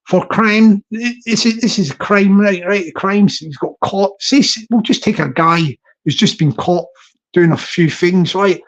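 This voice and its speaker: A man's voice: sits high, measured pace, lo-fi sound. A man with a London accent hosting a casual livestream, rambling and chuckling as he chats. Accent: London English. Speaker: livestream host.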